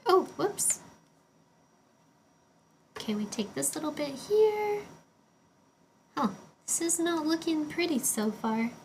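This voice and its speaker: A woman's voice: high-pitched, animated, takes it slowly, pauses often, a little hiss or hum. A young woman livestreaming casually, rambling and chatty with lots of filler words while she builds a Lego set and answers chat. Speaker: streamer.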